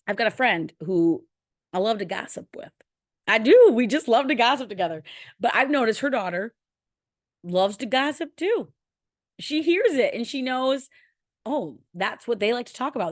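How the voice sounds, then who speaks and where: A woman's voice: a little high, dry recording, studio quality. A woman in her thirties hosting a podcast, talking candidly and emotionally in a personal monologue and swearing casually. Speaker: podcast host.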